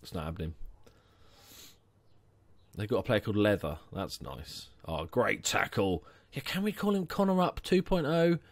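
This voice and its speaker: A man's voice: lowish voice, lively intonation, normal speed, no echo. A young man commenting casually on his football management game, chatty and jokey, inventing nicknames for his players. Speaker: gaming channel host. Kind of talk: casual let's-play commentary.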